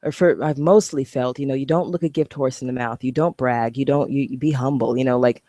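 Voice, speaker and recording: A woman's voice: extremely low pitch, fairly even intonation, a little fast, mellow, no room sound, clean studio sound. A woman vlogging to camera, talking bluntly and animatedly, swearing freely. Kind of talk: casual talking-head vlog.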